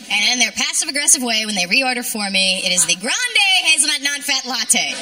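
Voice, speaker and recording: A woman's voice: on the high side, very animated, fast, few pauses, bright, forceful tone, recorded from a distance. A young woman doing a stand-up comedy set on a club stage, with wry, sardonic, rambling asides. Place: comedy club stage before a live audience.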